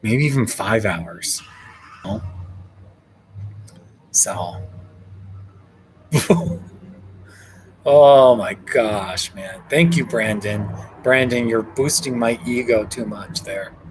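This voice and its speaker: A man's voice: lowish voice, extremely slow, long pauses, a little hiss or hum, low-quality recording. A man hosting a casual livestream from a hotel room, reading viewer comments, thanking people by name and laughing often. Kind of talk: casual live chat.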